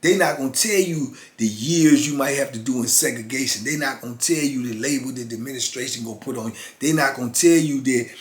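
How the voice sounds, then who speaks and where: A man's voice: medium pitch, quick pace, few pauses. A man in his fifties hosting his channel, telling a story casually and acting out both sides with street slang. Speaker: channel host. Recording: roomy echo.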